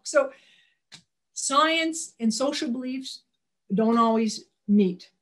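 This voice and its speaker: A woman's voice: a little high, slow pace. Folksy woman giving a slide talk. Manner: conversational, with frequent restarts and calls for the next slide; folksy, plainspoken. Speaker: wildlife presenter.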